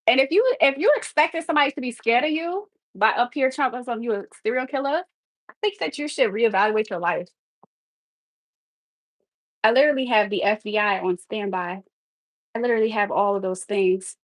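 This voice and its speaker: A woman's voice: mid-range voice, no room sound, low-quality recording. A young woman live streaming while she cooks, chatting casually and talking back to her chat with sass. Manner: sassy, talks back to the chat.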